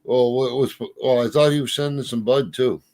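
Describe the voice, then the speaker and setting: A man's voice: medium pitch, fairly even intonation, moderate pace, darkish tone. Folksy storytelling man. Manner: folksy storyteller, drawling, swears mildly. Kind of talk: casual chat.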